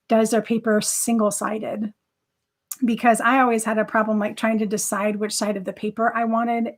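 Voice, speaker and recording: A woman hosting a live craft stream, chatting casually and enthusiastically as she demonstrates, rambling with many fillers. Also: medium pitch. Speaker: craft livestream host.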